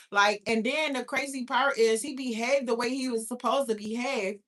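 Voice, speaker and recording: Young woman from new york ranting on her live, swears nonstop, bright voice. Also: fairly high pitch, normal speed, few pauses. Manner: profane, animated, talks back to chat. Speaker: livestream host. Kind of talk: casual livestream rant.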